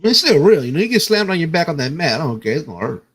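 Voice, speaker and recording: A man's voice: a little high, sing-song, racing, fairly bright tone, slightly rough. A man on a podcast telling a rambling, profane story in casual chat, laughing as he goes. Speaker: podcast co-host.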